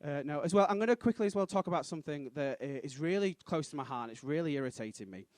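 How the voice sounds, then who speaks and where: A man, doing a quick, punchy stand-up set on a comedy club stage. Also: fairly high pitch, expressive, dry recording. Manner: quick punchy delivery with sudden loud punchlines and voices.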